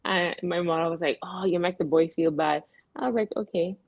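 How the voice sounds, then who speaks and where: Middle-aged woman, Virgin Islands accent, animated storyteller, dry dull lo-fi sound. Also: lowish voice, brisk, creaky, no room sound. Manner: animated storytelling, acting out exasperated reactions. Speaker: radio show host. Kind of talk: casual chat.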